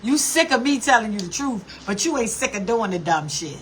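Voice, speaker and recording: A woman's voice: on the high side, very animated, fairly quick, a little hiss or hum. A woman vlogger ranting to her camera in a blunt, profane, scolding way. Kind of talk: casual rant to camera.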